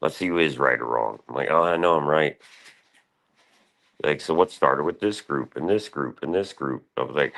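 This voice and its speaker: A man talking in a rambling, profane monologue on his own stream, restless and jumping between thoughts. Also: a bit bright. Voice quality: gravelly, very deep.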